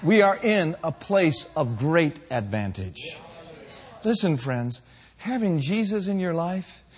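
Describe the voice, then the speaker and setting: A male preacher delivering a fervent, emphatic sermon that builds to shouted climaxes. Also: a little high, sing-song, takes it slowly.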